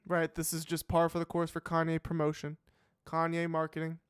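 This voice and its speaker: Smooth, slightly high male commentator. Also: monotone, brisk, dry recording, studio quality. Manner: musing, hesitant, full of fillers and restarts. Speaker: host of a live reaction show. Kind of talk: casual live reaction commentary.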